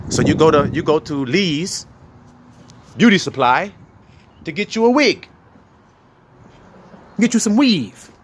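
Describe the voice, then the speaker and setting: A man from the giving a casual, profane street sermon to his viewers, acting out arguments between partners. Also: medium pitch. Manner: animated, profane, acts out quoted arguments. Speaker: online preacher.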